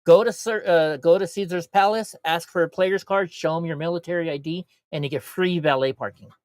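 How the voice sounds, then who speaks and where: A man's voice: on the high side, fairly even intonation, brisk, dry recording. A man co-hosting a casual livestream chat, telling rambling, profane stories. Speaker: livestream co-host. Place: lives in California.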